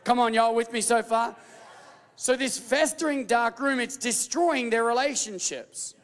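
High-voiced man preaching in a reverberant hall. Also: measured pace. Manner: animated, playful preaching with call-and-response and mock voices. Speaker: pastor. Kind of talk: sermon.

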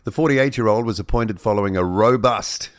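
A man's voice: lowish voice, a little fast, no room sound, clean studio sound. A man hosting breakfast radio, reading news headlines with wry jokes and asides. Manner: reads headlines with joking asides and mock voices. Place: radio studio.

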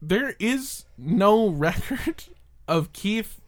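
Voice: mid-range voice, lively intonation, drawn-out words. Sarcastic, swearing podcast host. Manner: sarcastic and profane, debunking claims with laughs. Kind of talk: casual chat.

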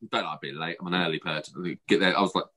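A man's voice: low-pitched, steady tone, quick pace, bright, forceful tone, husky. A British man, a podcast co-host, telling a story in casual chat, swearing freely and acting out the other voices.

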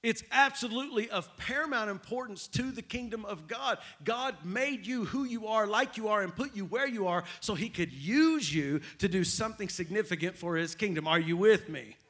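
A man's voice: high-pitched, normal speed, hardly any pauses. A man preaching a sermon, often calling out to the congregation and repeating key phrases. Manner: animated, repetitive preaching with call-outs to the crowd. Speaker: pastor.

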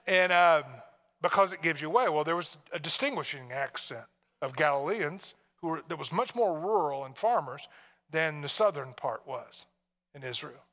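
A pastor from Tennessee preaching a sermon in a conversational way, full of rhetorical questions to the congregation. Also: male voice, a little high, expressive, normal speed, fairly bright tone, long reverb tail.

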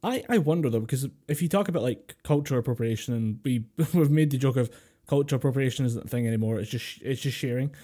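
A man's voice: mid-range voice, fast, dark tone. A Scottish man co-hosting a podcast over a remote call, chatting casually, swearing freely and laughing often. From Scotland. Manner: sweary, laughing, goes into mock voices. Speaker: podcast co-host. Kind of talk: casual chat. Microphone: remote call mic.

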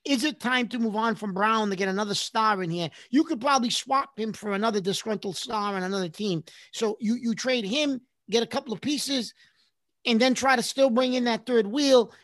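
A man's voice: very high-pitched, normal speed, fairly bright tone, no echo. A man co-hosting a sports talk show, thinking aloud and asking questions with some hesitation. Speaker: sports radio co-host.

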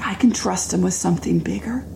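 A middle-aged woman giving an earnest, emotional personal testimony in a sermon, dropping to hushed tones at times. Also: fairly low pitch, fairly quick, gravelly, background noise. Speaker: speaker sharing a faith testimony.

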